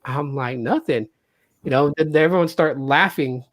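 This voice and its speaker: A man with an animated way of telling a story, who acts out the people he quotes. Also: moderate pace, dry recording. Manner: animated, acts out quotes with jumps in pitch and loudness. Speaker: podcast host. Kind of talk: casual storytelling.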